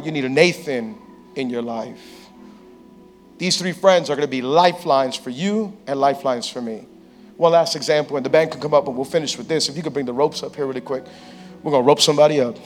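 A pastor preaching a sermon on a church stage, telling a story playfully and acting out the people in it. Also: male voice, a little high. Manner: lively, playful storyteller who acts out quotes.

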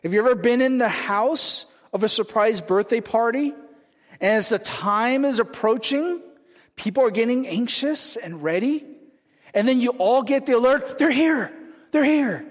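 A man's voice: very high-pitched, normal speed. A man from California preaching a sermon in a conversational way, often checking in with the congregation with "right?". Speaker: pastor. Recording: long hall reverb.

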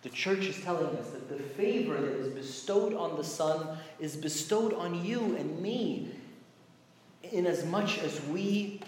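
A man's voice: fairly high pitch, measured pace, darkish tone. A man preaching a sermon in a conversational, emphatic way, his voice rising on exclamations. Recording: echoey hall with faint background noise.

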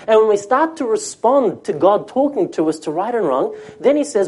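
A man's voice: high voice, sing-song, normal speed, darkish tone, husky. A man preaching a sermon as a pastor, talking conversationally and asking the congregation questions.

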